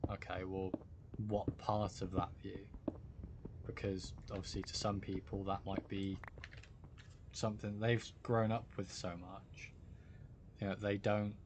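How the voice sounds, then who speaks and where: A man's voice: sits low, a little mellow, a little hiss or hum. A British man chatting casually with viewers during a live game stream, rambling and reassuring as he greets people by name. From United Kingdom. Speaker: livestreamer. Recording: music playing behind the voice.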